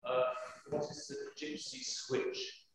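A man's voice: medium pitch, little pitch movement, slow. A man from the audience asking a rambling, hesitant question. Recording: distant, very echoey hall with crowd.

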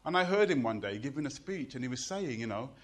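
A middle-aged man with a Birmingham Jamaican accent, telling jokes and stories and reciting poetry on stage in an animated, rhythmic way. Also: medium pitch, fast. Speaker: poet and performer. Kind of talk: live storytelling and poetry performance.

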